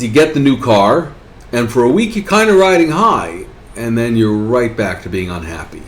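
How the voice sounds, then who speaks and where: A man giving a spoken lesson, often asking his listeners "right?". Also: mid-range voice. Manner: rhetorical, keeps asking "right?". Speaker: teacher. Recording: echoey room.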